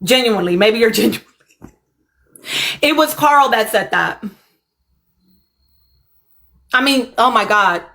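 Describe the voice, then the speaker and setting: A woman talks casually to her live viewers, a little high in pitch. She chats loosely, apologizing as she searches for clips. Her talk is relaxed and conversational. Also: slow pace, vocal fry, long pauses. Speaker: livestream host reacting to a reality show. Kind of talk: casual live reaction chat.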